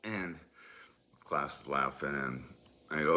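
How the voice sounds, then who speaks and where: A man telling a personal story in a loose, animated way, moving from quiet asides to loud, emphatic bursts. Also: extremely low pitch, a little slow, vocal fry, pauses often. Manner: loose, with many fillers and restarts.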